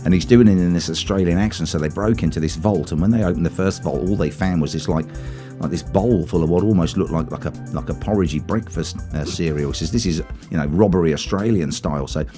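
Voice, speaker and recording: A man's voice: low voice, quick pace, hardly any pauses, music in the background. A man co-hosting a casual radio chat show in a studio, telling rambling anecdotes. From England. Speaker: co-host.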